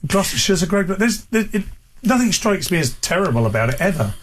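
Lively, easygoing male radio co-host. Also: sits high, fast, slight background noise. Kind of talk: casual chat on air.

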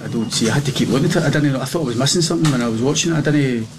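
Halting football manager, noisy clip. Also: male voice, medium pitch. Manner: halting, dismayed, many fillers. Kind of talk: press conference answers. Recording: clip with loud background noise.

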